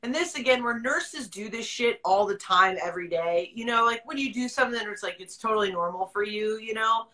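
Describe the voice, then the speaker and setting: A woman's voice: a little high, brisk, hardly any pauses, sharp tone, low-quality recording. A woman hosting a podcast, telling a story in a casual, candid way, swearing freely, laughing often and acting out the people she quotes. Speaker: podcast host.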